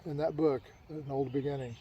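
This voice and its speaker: An author recounts a childhood story in a slightly raised but dark, mellow voice with a steady tone and brisk pace. He rambles, repeats himself and restarts sentences, and the muffled recording carries faint traffic and outdoor noise behind him.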